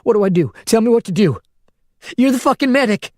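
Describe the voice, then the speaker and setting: A man reading the part of a young woman in a crisis, shouting and pleading at a raised pitch. She is foul-mouthed and desperate, and the audiobook recording is dry and close. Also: animated, a little fast, dry recording. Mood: urgent, scared.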